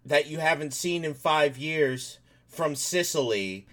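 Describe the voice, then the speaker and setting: A man co-hosting a comedy podcast with a bright, forceful voice pitched a little high. He talks loudly and swears freely, laughing through his own jokes. His delivery is brash and teasing. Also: expressive, slow. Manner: loud, profane, laughs often. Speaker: podcast co-host. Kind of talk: casual comedic chat.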